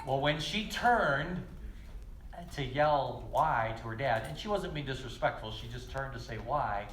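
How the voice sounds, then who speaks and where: A man teaching children at church, telling stories lively and speaking straight to the kids. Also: mid-range voice, moderate pace, slight background noise. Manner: lively, storytelling, addresses kids directly. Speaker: children's pastor. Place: church kids' room. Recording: echoey room with faint ambience.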